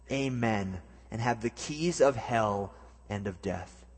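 A man preaching a sermon as pastor, earnest, with slow emphatic pauses. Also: on the low side, animated, husky. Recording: long hall reverb.

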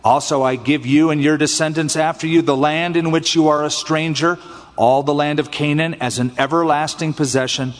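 Expressive preaching man, long reverb. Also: fairly high pitch, moderate pace. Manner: expressive preaching that acts out scripture voices. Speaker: pastor. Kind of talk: sermon.

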